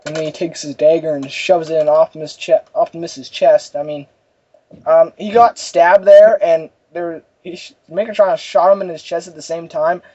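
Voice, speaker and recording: A man's voice: a little high, fairly even intonation, moderate pace, warm tone, breathy edge. A young man chatting casually as a movie reviewer, rambling and giggly with many fillers, on a dull lo-fi recording. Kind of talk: casual chat.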